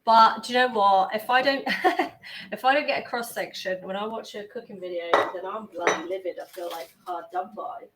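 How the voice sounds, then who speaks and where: A young woman chatting to her live-stream viewers as she bakes in her kitchen, excitable and sweary, often drifting away from the mic. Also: mid-range voice, moderate pace, background noise. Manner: chatty, sweary and excitable, talking to chat while baking. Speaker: baking livestreamer. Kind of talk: casual live-stream chat. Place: home kitchen. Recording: echoey kitchen with faint ambience.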